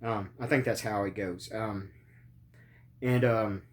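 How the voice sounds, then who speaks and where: A man's voice: on the low side, fairly even intonation, slow pace. A man hosting a podcast, in pain after surgery, rambling casually with lots of ums and swearing. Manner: rambling, profane, many ums and uhs. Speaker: podcast host.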